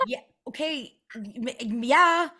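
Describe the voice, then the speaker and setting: A woman's voice: high-pitched, expressive, takes it slowly, sharp tone. A woman guest on a casual chat show, hesitant and full of ums and likes.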